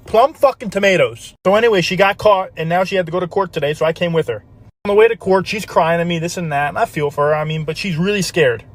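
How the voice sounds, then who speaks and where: Brief: quick, higher-voiced man telling jokes, casual delivery. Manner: casual storytelling with put-on voices. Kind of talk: telling a joke story.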